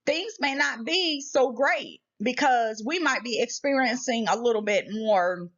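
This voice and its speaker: A woman's voice: a little high, expressive, measured pace, a bit bright. An American woman hosting a casual vlog, speaking emphatically and preachily with many repeated rhetorical questions. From United States. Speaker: channel host. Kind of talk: casual spiritual warning vlog. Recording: slightly muffled lo-fi audio.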